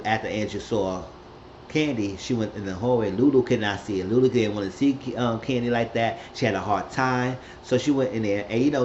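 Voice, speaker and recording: A man recapping a TV episode in a loose, rambling way, jumping into characters' lines with a raised, lively voice. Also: muffled recording, slight background noise. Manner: rambling, acts out quotes with raised pitch. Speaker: recap host.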